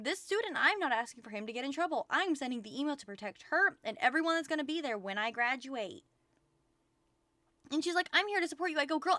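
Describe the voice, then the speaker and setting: A woman's voice: sits high, a bit bright, no echo. A young woman streaming from home, venting and rambling with lots of profanity in casual chat.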